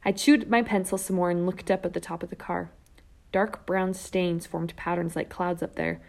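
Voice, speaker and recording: A woman reading a first-person children's novel aloud, lively and character-driven, with whispered asides. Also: on the low side, moderate pace, creaky. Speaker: audiobook narrator. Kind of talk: first-person storybook narration.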